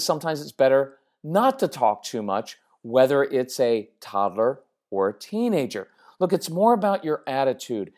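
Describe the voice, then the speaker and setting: A middle-aged woman with a bass, darkish voice speaks directly to camera as a parenting coach. Her talk is conversational and emphatic, and she keeps checking in with her listeners.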